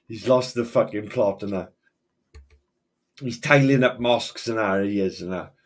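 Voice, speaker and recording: A man's voice: fairly low pitch, moderate pace. A man in a heated online argument, blunt, dismissive and swearing.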